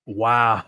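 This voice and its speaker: Male reaction streamer, mid-pitched, excitable fan energy, play-by-play, dry sound. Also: no room sound. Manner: excitable, chatty fan talking to chat. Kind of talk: live reaction and play-by-play commentary.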